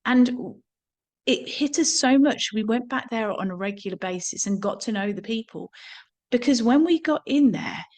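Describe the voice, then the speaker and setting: A woman's voice: fairly high pitch, expressive, moderate pace, darkish tone. A woman from England, giving an earnest, reflective teaching talk on somatics and often repeating words as she thinks.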